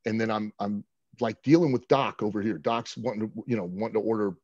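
A man with a husky, slightly rough voice tells a road story in an easy, chatty way, throwing himself into every quote. The sound is dry and close, with a slightly dull, lo-fi tone. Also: on the low side, fairly quick, dry recording. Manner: animated, acts out quotes. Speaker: guest. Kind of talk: casual storytelling.

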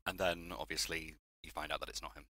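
A British man chatting as a podcast guest, wry and low-key, talking in long run-on stretches. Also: level tone, quick pace, sharp tone, no room sound. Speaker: guest author. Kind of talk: casual podcast chat.

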